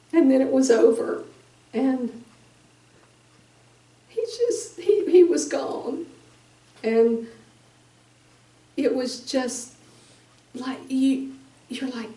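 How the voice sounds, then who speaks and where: A middle-aged woman giving a halting, emotional personal testimony as a bereaved mother at a conference. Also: high voice, expressive, darkish tone. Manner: slow, halting, emotional storytelling. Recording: echoey room, distant mic.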